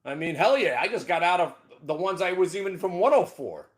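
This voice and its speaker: A man hosting a live market show, ranting brashly about his trades with sudden shouted outbursts. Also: high-pitched, a little fast. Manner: excitable, loud bursts of shouting, brash. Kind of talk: live trading rant.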